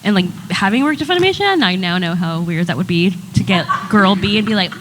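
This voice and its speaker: A woman voice actor chatting casually on a convention panel, talking quickly with many fillers. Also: medium pitch, very animated. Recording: noisy convention hall mic.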